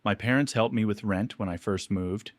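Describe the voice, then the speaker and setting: Low, somber male narrator, dry sound. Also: dry recording. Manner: measured, somber confessional telling. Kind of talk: first-person story narration.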